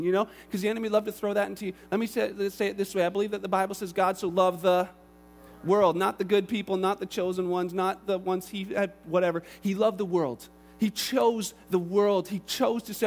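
A man in his thirties preaching a sermon, telling family stories in an animated, lively way. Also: sits high. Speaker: pastor. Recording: long reverb of a large hall.

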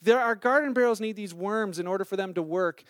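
High-voiced man telling a church story. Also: a little fast, fairly bright tone, no echo, studio quality. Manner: acts out the dialogue of the people in his story. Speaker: church member reporting on a mission trip. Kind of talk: casual storytelling testimony.

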